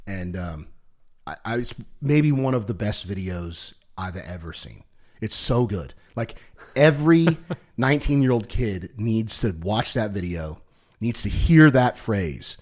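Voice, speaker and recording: A man with a slightly low voice talks loosely on a podcast, piling up "like" fillers and restarting his sentences. When he gets into a story he picks up energy and animation. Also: slow. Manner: rambling, lots of "like" fillers and restarts; animated when retelling stories. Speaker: podcast co-host. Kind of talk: casual chat.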